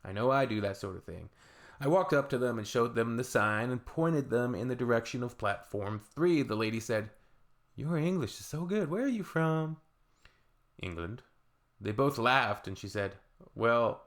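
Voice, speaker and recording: A man's voice: lowish voice, vocal fry, a bit bright. A Canadian man hosting a reaction video, reading viewer comments aloud with dry, sarcastic asides.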